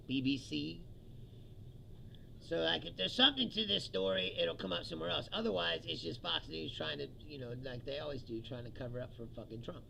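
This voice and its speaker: A man's voice: fairly high pitch, brisk, vocal fry, sharp tone, slight background noise, rough recording. A man from the United States hosting his own comedy show, ranting angrily and profanely about the news and laughing often.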